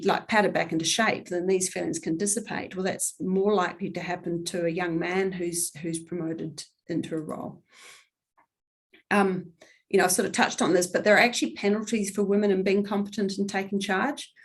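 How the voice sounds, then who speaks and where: Earnest New woman, low-pitched. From New Zealand. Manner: earnest, candid, thoughtful, pauses often with ums. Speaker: guest speaker. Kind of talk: earnest talk on workplace equality.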